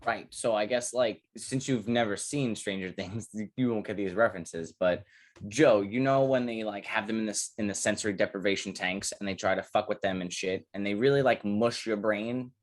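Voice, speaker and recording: A young man co-hosting a podcast, talking casually and rambling through profane, animated stories. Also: fairly low pitch, normal speed. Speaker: podcast co-host. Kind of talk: casual chat.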